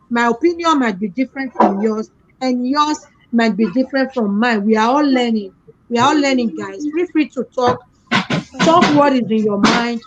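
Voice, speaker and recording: Woman hosting a live stream. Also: a little high. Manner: reads out viewer comments and thanks callers. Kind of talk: casual live-stream chat. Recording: dull lo-fi stream audio with faint noise.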